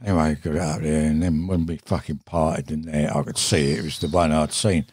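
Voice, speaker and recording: A man's voice: very deep voice, moderate pace, a little mellow, husky, no echo. An older English man telling a fishing story in a rambling, casual way, swearing often and laughing as he goes, on a studio mic. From England. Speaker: guest angler. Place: podcast studio.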